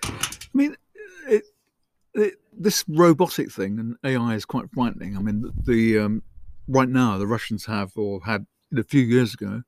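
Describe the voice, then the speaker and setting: Casual male guest musing aloud, mid-pitched, dry close sound. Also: animated, moderate pace, darkish tone, no room sound. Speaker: podcast guest. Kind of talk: casual chat.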